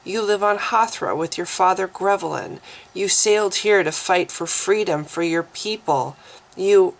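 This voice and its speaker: A woman voicing a calm, stern human man who leads, speaking quietly and in measured words. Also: fairly low pitch, creaky, poor audio. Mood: soothing.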